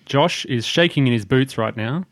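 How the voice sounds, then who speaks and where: A young man hosting a podcast, teasing his co-hosts in a dry, offhand way. The recording is close and dead, with no room sound. His pitch sits in the middle. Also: moderate pace, no echo. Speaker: podcast host. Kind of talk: casual chat.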